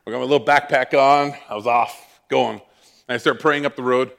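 A man preaching, telling a personal story with lively, self-mocking animation. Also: medium pitch, brisk, vocal fry. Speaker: pastor. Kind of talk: sermon storytelling.

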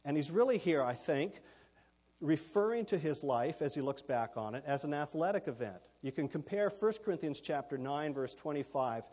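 A man's voice: on the high side, animated, moderate pace, a little mellow, breathy edge, big-room sound. Man preaching an expository sermon. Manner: expository, explains Greek words, gives note points.

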